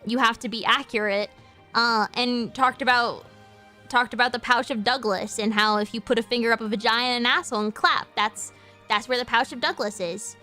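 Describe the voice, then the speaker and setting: Bright high-voiced woman streamer rambling. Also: fairly even intonation, a little fast, soft background music. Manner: rambling, crude, playful storytelling. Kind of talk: casual stream chat.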